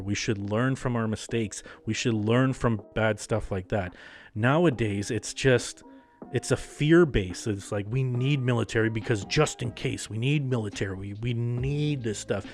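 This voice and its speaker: Profane ranting man hosting a podcast. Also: mid-range voice. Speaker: podcast host. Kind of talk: casual comedic monologue.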